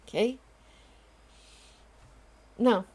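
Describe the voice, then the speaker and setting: A woman's voice: drawn-out words, mellow. A woman in her forties speaking straight to her viewers in a casual vlog, earnest and emphatic as she reassures them. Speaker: vlogger and home confinement advocate. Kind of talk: casual direct-to-camera vlog.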